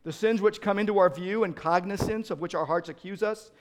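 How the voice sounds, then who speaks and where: High-voiced man preaching earnestly. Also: a little fast. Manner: earnest preaching that rises to loud emphatic peaks; repeats words as he restarts. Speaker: pastor. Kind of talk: sermon.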